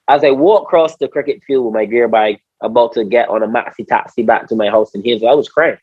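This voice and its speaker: A former cricketer with a Barbadian accent tells stories animatedly in a casual interview, repeating words, acting out what people said, and saying "bro". His medium-pitched voice is quick with hardly any pauses and a breathy edge, captured as slightly dull, dry podcast audio with no echo.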